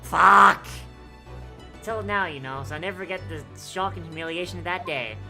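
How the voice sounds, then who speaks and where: A young woman hosts a game stream, her voice sitting low as she jokes and swears between reading out the characters' lines. She slips into playful voices for the dialogue. Game music plays clearly behind her. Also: quick pace. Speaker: VTuber streamer.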